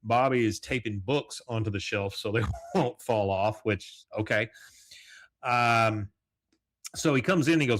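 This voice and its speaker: A man's voice: medium pitch, measured pace, fairly bright tone, dry recording. Rambling man recapping a cartoon episode. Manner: rambling, with frequent fillers and chuckles. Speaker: podcast host.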